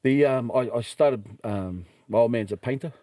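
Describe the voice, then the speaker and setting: Middle-aged New Zealand man, mellow and animated, spinning yarns on a podcast. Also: medium pitch, normal speed, no echo. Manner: animated, acts out quoted voices, laughs while telling. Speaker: podcast guest. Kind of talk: casual storytelling.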